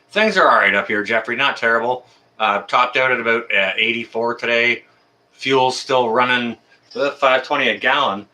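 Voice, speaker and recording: Casual male livestream host, bright voice, friendly, halting, filler-heavy. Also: mid-range voice. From Canada. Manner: friendly, chatty, many ums and uhs. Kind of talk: casual live chat greeting viewers.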